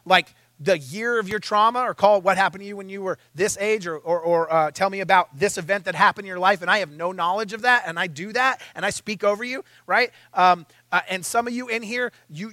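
Man, sermon in church, animated, self-mocking, high-pitched, dry. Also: a little fast, hardly any pauses, no room sound. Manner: animated, self-mocking storytelling, acting out his own panic. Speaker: preacher.

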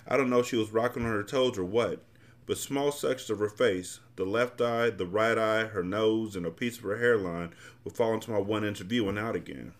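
A man's voice: lowish voice, fairly quick. A man hosting a podcast, reading a novel aloud and then commenting bluntly and casually. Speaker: podcast host and reader.

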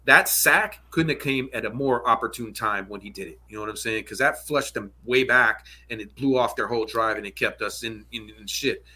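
A man's voice: medium pitch, brisk, hardly any pauses, sharp tone. A man talking football in a loose, rambling way, often asking "you know what I'm saying" as he goes. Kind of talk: casual sports chat.

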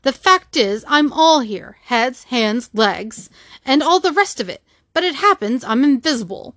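A man's voice: very high voice, expressive, a little slow, pushed and bright, no echo, clean studio sound, heavily acted. A woman reading the part of an irritable invisible man, scornful and indignant, in an audiobook. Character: irritable invisible man, a sharp-tongued stranger.

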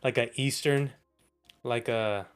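A man's voice: mid-range voice, slow, clean tone. A young man from the American South co-hosting a podcast, chatting casually and laughing often. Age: young adult. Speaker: podcast co-host. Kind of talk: casual chat.

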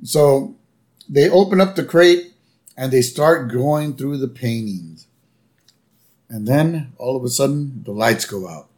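A man's voice: mid-range voice, slow, darkish tone. A man co-hosting a podcast, casually recapping a cartoon episode in a laid-back, agreeable way. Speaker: podcast co-host.

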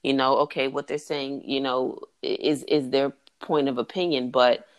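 A man in casual conversation, with a voice of middling pitch. He talks with blunt emphasis and swears freely. He keeps firmly agreeing with the other speaker. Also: little pitch movement, normal speed, smooth.

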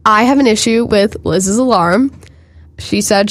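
A young woman co-hosts a casual podcast with a stuffy, congested voice. She talks emphatically, sprinkling in "like", at a mid-range pitch. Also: measured pace, no room sound. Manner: emphatic, frequent "like". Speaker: podcast co-host.

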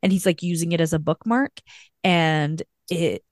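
Woman, podcast co-host, casual book recap, low pitch, dry close sound. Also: moderate pace, dry recording. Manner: rambling, heavy use of "like".

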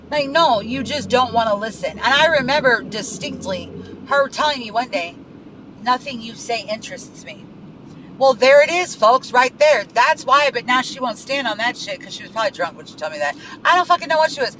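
A man's voice: very high voice, animated, fairly quick, pushed and bright, a little hiss or hum, poor audio. Heated, foul-mouthed man ranting in a car. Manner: profane, heated, repeats himself. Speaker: podcast host. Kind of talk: venting monologue.

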